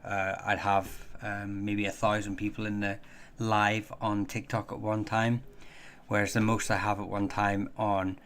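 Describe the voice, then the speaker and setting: A man hosting a casual livestream and chatting with viewers in a rambling, halting way, with many fillers and restarts. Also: fairly low pitch, flat delivery, a bit bright, slight background noise. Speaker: livestream host.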